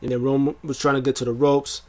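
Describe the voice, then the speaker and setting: A man casually recapping a wrestling event, rambling with fillers and jumping into excited bursts as he acts out the wrestlers. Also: medium pitch, brisk. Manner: rambling with many fillers and restarts. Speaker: wrestling show reviewer.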